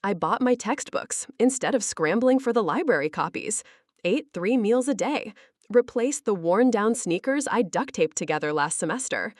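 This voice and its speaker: A woman's voice: mid-range voice, animated, normal speed, no echo, clean studio sound. A woman narrating a first-person family drama story, reading the dialogue with strong emotion.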